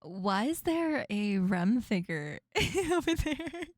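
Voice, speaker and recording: A woman's voice: fairly high pitch, sing-song, slow. A young woman streamer chatting casually while reacting to a video, giggling often. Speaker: VTuber streamer.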